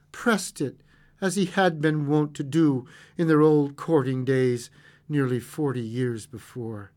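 A man narrating a classic short story aloud in an expressive way, with occasional stumbles and chuckles. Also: a little high.

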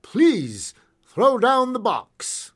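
A man's voice: on the high side, sing-song, slow pace, full character voice. A man voicing a polite but firm masked stagecoach bandit in a told story. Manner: firm, distinctive, polite demands.

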